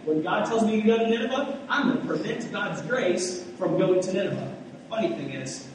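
Man, sermon, conversational with restarts, high-pitched, roomy hall echo. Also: darkish tone, far from the mic, a little hiss or hum. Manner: conversational preaching with restarts, acting out voices. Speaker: pastor. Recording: echoey hall, mic from afar.

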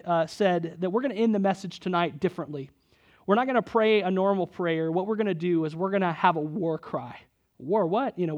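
A young man preaching a sermon, telling a personal story and building to loud, emphatic moments. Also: sits high. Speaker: pastor.

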